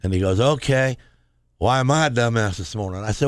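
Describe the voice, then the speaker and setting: A radio co-host tells a story in a lively way, jumping up in pitch to act out other people's lines. His voice sits in a middle male range. The studio sound is dry and close. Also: fairly quick, no echo. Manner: animated, acts out quotes with big pitch jumps. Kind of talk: casual radio talk, storytelling. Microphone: studio microphone.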